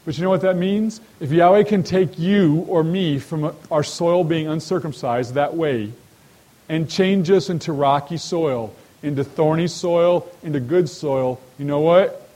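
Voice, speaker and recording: A man's voice: a little high, a little slow, mellow, low-quality recording. A man leading a sermon-style Bible study, who often asks his listeners rhetorical questions and speaks to them directly. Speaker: Bible teacher.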